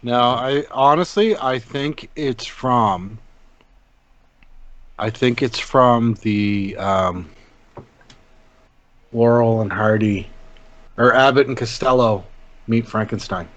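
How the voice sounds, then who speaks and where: A man's voice: medium pitch, takes it slowly, pauses often, no echo, dull audio. A man co-hosting a casual movie podcast, joking and sometimes stumbling over his words. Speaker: podcast co-host.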